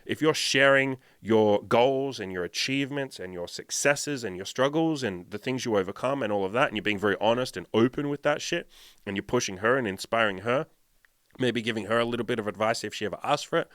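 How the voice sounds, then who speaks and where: A man's voice: medium pitch, fairly quick, a bit bright, clean tone, no room sound, studio quality. A man who is a dating coach, talking bluntly and emphatically in a casual podcast monologue, swearing often. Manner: blunt, heavily profane, emphatic.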